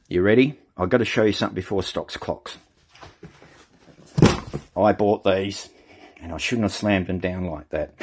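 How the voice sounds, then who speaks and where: A man's voice: lowish voice, darkish tone, slightly rough. A middle-aged Australian man chatting casually to viewers on his channel, rambling and calling them "mate". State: short of breath. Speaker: channel host. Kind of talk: casual live-stream chat.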